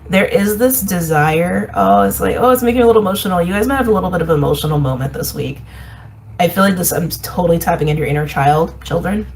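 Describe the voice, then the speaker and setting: A woman giving a casual intuitive reading, meandering and repeating herself, reflective with soft laughs. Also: fairly low pitch, quick pace, slight background noise, rough recording. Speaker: intuitive reader.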